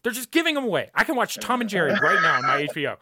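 A man's voice: high voice, sing-song, racing, sharp tone, breathy edge, no room sound. A young man hosting a podcast, ranting casually and emphatically, swearing often and repeating his points. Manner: profane, emphatic, repeats himself.

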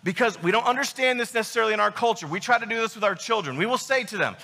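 High bright-voiced pastor man preaching, emphatic and emotional, echoey church hall. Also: lively intonation, rapid-fire, gravelly. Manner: emphatic, emotional, rhetorical questions. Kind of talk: sermon.

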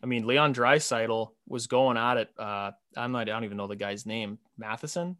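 Young male co-host, bright forceful voice, animated and laughing, dry close sound. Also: medium pitch, brisk, no echo. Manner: animated, laughing, mimics quotes. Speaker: podcast co-host. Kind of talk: casual sports chat.

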